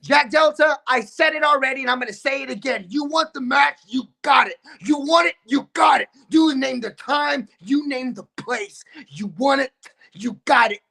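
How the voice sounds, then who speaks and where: A man cutting a boastful wrestling promo as a guest, brash and trash-talking, shifting between rapid-fire and slow, deliberate lines. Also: very high voice, gravelly, bright, forceful tone.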